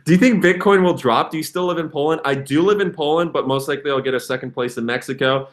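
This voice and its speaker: A young man hosting a casual livestream, talking in an excitable, rambling way and reading comments aloud. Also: on the high side, quick pace. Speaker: crypto livestream host.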